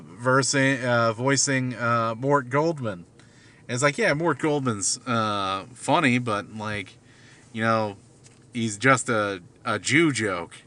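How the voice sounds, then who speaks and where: A man's voice: medium pitch, bright, forceful tone, smooth. A man rambling casually from his car at night, hesitant, with many fillers and restarts. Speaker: vlogger.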